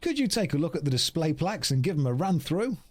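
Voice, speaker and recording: Casting note: a breezy, slangy museum worker with a put-on Australian accent, lively delivery, voiced by a man, faint music behind. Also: on the high side, quick pace. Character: chatty male museum worker, Australian-tinged.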